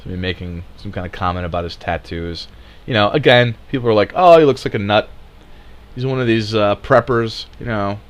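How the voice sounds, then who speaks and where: A man's voice: lowish voice, fairly quick, fairly bright tone. A man delivering sarcastic, mocking political commentary, swearing freely as he rants.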